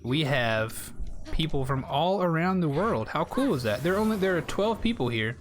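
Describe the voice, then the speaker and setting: A man's voice: on the high side, very animated, normal speed, a little hiss or hum. A young man from South Carolina, chatting in a rambling way to his viewers while playing a game on a live stream. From South Carolina, United States.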